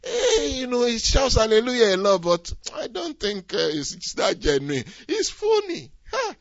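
A man's voice: very high-pitched, normal speed, dry recording, pitched above the performer's own voice, exaggerated voice. Man putting on a squealing nosy gossip. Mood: eager, gossipy. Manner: squealing, excited, wheedling. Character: nosy eager gossiping church member. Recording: dull, dry lo-fi sound.

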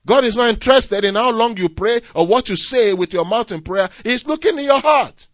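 A man preaching a sermon, moving from near-hushed lines to shouted emphasis, with repetitive, emphatic phrasing. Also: extremely high pitch, animated, brisk, no echo, lo-fi sound.

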